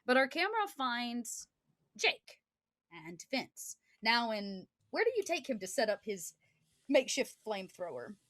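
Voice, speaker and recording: A woman's voice: a little high, big pitch swings, unhurried, a bit bright, dry recording, studio quality. A woman narrating as game master in a tabletop game, in a loose, filler-heavy style.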